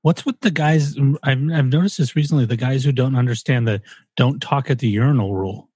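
A man's voice: mid-range voice, fairly quick, darkish tone, slightly rough, no echo. A man co-hosting a podcast, joking around in casual chat and slipping into put-on accents. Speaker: podcast co-host. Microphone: studio microphone.

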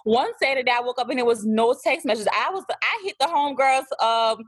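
Husky New Orleans woman, chatty. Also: sits high, a little fast, hardly any pauses. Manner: relaxed, chatty storytelling. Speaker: podcast co-host. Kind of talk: casual chat.

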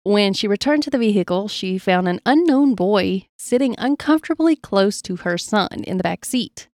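Woman calmly reading spooky stories. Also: medium pitch, normal speed, no room sound, clean studio sound. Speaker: podcast co-host telling stories. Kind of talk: casual storytelling podcast.

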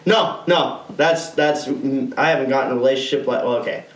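A man's voice: mid-range voice, fairly quick, echoey room, distant mic, poor audio. A man co-hosting a podcast, telling rambling, profane stories in casual chat and laughing often. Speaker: podcast co-host.

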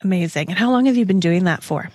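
A woman, hosting a podcast interview in a bubbly, excitable way and laughing often. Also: fairly low pitch, fast talker, no echo, studio quality. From Canada. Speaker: podcast host. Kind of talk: casual interview chat.

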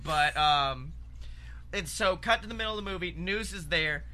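A man co-hosting a comedy podcast, pitching an absurd story in an excitable, rambling way with heavy swearing. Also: normal speed. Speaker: podcast co-host.

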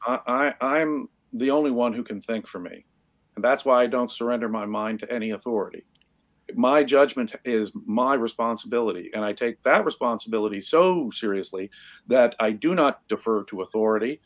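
Man, middle pitch, firm and declarative, repeats for emphasis, podcast guest. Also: normal speed, no echo. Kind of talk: casual podcast discussion.

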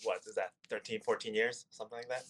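A man in his thirties, a guest on a podcast interview, relaxed, loosely phrased and quick to laugh. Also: on the low side, poor audio. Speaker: podcast guest, agency founder.

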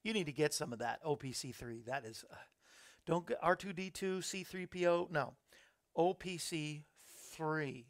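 Male host, gravelly voice, friendly running chatter into a studio mic. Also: a little high, normal speed. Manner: chatty, reads viewer comments aloud, upbeat asides. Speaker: show host. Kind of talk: casual live-stream chat. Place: small studio under hot lights. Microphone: studio microphone.

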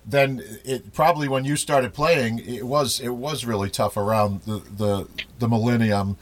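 A man's voice: mid-range voice, fairly even intonation, normal speed. A man from Rhode Island hosting a podcast, chatting casually and rambling with many restarts. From Rhode Island, USA. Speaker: podcast host. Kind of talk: casual interview chat.

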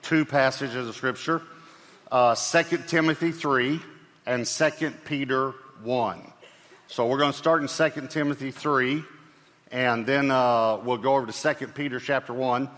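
Guy preaching a sermon, chatty and easygoing, mid pitch, long echo tail like a big church. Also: steady tone, measured pace, a bit bright. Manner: conversational, with fillers and light humor. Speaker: pastor. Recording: long hall reverb.

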